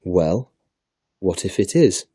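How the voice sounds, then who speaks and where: A man's voice: deep voice, big pitch swings, slow, mellow, breathy edge, dry recording, clean studio sound, exaggerated voice. A man voicing a sulky, boastful young boy who talks down to his guest in a storybook reading. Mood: dismissive. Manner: dismissive, know-it-all.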